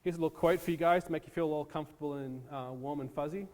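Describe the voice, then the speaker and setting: A man's voice: on the high side, quick pace, hardly any pauses, darkish tone. A man giving a casual lecture on disaster preparedness to an audience, with many ums, from the United States. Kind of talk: classroom lecture. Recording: long reverb in a hall.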